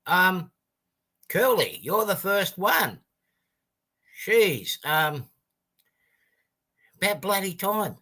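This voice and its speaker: A man's voice: high voice, sing-song, extremely slow, pauses often, pushed and bright. A middle-aged man with an Australian accent hosting a casual livestream, greeting viewers one by one in a rambling, friendly way with plenty of ums. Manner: rambling, chatty greetings to viewers with many fillers. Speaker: livestream host.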